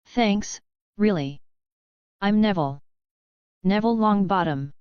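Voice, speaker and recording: A timid, teary round-faced boy from a storybook, as a woman reads him. The tone is smooth and fairly low, in a close, dry recording. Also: unhurried, no room sound, highs cut off, lightly acted. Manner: timid, tearful.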